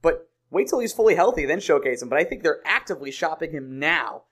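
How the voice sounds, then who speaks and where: A man hosting a sports podcast with a fairly high voice for a man, easygoing and quick to laugh. He keeps things loose and chatty with his co-host. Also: animated, a bit bright. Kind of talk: casual sports chat.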